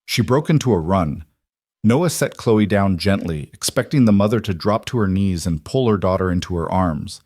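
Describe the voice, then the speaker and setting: A man narrating a dramatic story in a steady, scripted manner. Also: on the low side, no room sound, studio quality.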